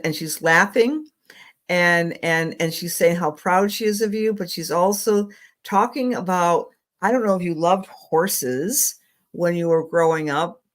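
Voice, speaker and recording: Speaking in a voice on the low side, a middle-aged female astrologer offers psychic readings during a live stream. Her manner is warm and affectionate, though she rambles and fills her speech with fillers.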